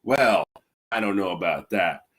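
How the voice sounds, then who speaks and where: A man in his forties, fighting off a cold, streams an angry and rambling rant full of swearing. His voice has a bright, forceful edge. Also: sits low, expressive, unhurried. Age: 40s. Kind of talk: ranting monologue to camera.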